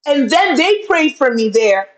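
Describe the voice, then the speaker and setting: A woman's voice: high voice, sing-song, a little slow, poor audio. A woman business coach live-streaming on webcam, speaking with impassioned, preacher-like fervor and calling her viewers y'all. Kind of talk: live-streamed motivational talk. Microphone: video call webcam.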